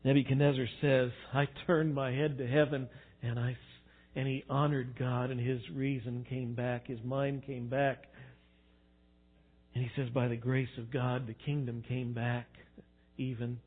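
A man preaching a sermon, animated, swinging between quiet reflection and loud emphasis. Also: medium pitch, measured pace. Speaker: pastor. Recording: tinny phone-like sound.

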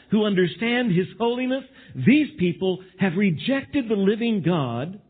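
Man, sermon, animated preaching, husky high voice, phone-like audio. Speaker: pastor.

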